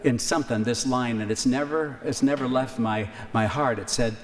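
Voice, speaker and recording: A man delivering a sermon in a church. His voice sits at a middle pitch and carries a long reverb from the hall, with faint ambience behind it. He talks conversationally and slows down to repeat key lines for emphasis. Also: slight background noise. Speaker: preacher.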